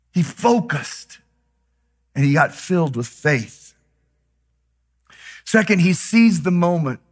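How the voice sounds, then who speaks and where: A man preaching a sermon with passion, moving from hushed, slow lines to loud, shouted declarations. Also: high-pitched. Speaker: pastor.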